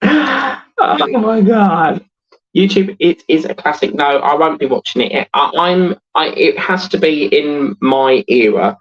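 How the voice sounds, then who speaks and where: A man in his thirties hosts a relaxed livestream and chats his way through viewer comments. He rambles, laughs easily and fills the gaps with ums. His voice is a little raspy, and the recording sounds dull and lo-fi. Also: a little high, normal speed, hardly any pauses. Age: 30s. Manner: chatty and rambling, laughs often, many fillers. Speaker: host of a model-building livestream. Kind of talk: casual livestream chat, reading out viewer comments.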